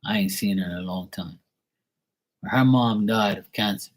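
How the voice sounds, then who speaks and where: A man's voice: lowish voice, moderate pace, poor audio. A man giving a casual live-stream psychic reading, talking bluntly and emphatically with plenty of swearing. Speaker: psychic tarot reader.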